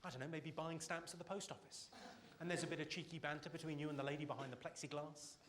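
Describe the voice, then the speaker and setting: A man doing live stand-up comedy on stage, teasing the audience with quick deadpan insults. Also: a little high. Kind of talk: live stand-up with crowd work. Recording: loud audience laughter and noise.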